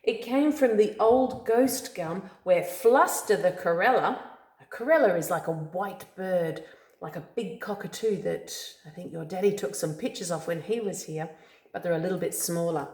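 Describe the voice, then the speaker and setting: A woman reading a picture book aloud to a child, slow storytelling with friendly asides. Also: lowish voice, a little mellow. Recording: echoey room.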